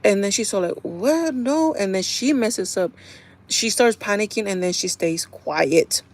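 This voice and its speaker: A woman talking on her live stream, retelling a show's episode in a loose, gossipy way. Her pitch sits in the middle range, and her talk is full of fillers and quick laughs. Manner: chatty and animated, full of "like" and "kinda"; laughs often while retelling. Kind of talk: casual chat recapping a TV episode.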